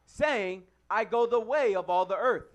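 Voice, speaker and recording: A man reading Bible verses aloud slowly and loudly, each phrase spoken carefully. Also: high-pitched. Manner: slow, loud, careful reading of old-fashioned verse. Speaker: scripture reader.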